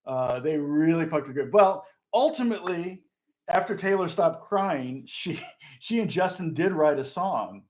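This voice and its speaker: A middle-aged man, a session guitarist, chatting casually and rambling through stories with lots of fillers and restarts. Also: on the high side. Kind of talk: casual chat.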